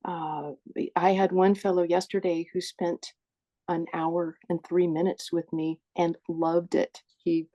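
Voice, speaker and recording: Leading a support group session over video, a woman chats with the group and keeps correcting herself and saying sorry. Her lowish voice is flat, slow and dark, with the highs cut off, picked up by phone earbuds.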